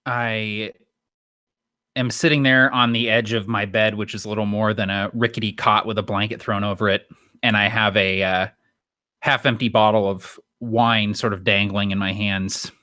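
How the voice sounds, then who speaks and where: Bright, dry-sounding man narrating in first person. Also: fairly low pitch, level tone, normal speed, no room sound. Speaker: player.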